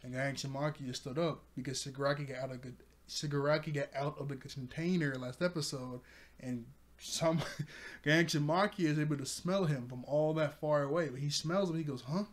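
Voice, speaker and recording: A man's voice: on the high side, steady tone, moderate pace. A man casually recapping an anime episode at home in front of a TV, rambling, often laughing and correcting himself. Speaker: anime reviewer. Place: room with a TV.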